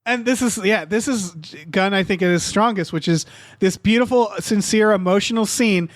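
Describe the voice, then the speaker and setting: A man co-hosting a podcast, talking about a holiday special in an animated, swearing, laughing way. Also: high voice, moderate pace, no echo, studio quality. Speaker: podcast host. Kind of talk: casual movie discussion.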